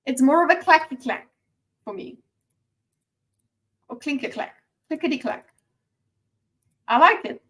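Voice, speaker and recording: A chatty woman with a slightly high voice, giving casual commentary as she reacts to a video. She talks in an animated way, stumbles over repeated words and restarts her sentences, and sometimes drops almost to a whisper. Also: measured pace, long pauses.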